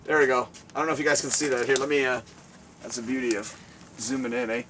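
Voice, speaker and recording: A man hosting a casual interview at a guest's home, excitable and rambling, laughing often, recorded from a distance. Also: medium pitch, fast talker, slight background noise. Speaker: show host. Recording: distant mic, faint room ambience.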